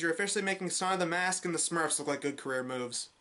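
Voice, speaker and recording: A woman's voice: deep voice, fast talker, pushed and bright. A woman from New York reviewing a film in snarky, mocking commentary. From New York, USA. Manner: snarky, mocking, growing exasperated. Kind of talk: sarcastic movie review commentary.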